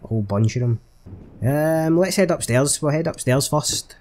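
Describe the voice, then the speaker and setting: A man's voice: fairly high pitch, animated, normal speed, noisy background. A man commentating on a horror game he is playing, sweary and jokey with jumpy reactions. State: recovering from a chest infection. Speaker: gaming channel host. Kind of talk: let's play commentary.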